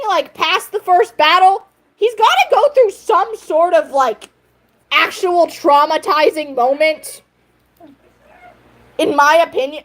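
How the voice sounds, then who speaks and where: A young woman livestreaming in casual chat, excitable and laughing, playfully scolding her viewers. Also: very high-pitched, low-quality recording.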